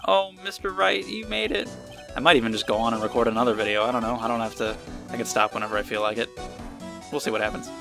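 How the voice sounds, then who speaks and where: A man's voice: on the low side, level tone, rapid-fire, music in the background. A young man in his twenties casually commenting on a game he plays, rambling and self-deprecating as he thinks aloud. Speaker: let's play host. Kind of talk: casual let's play commentary and reading.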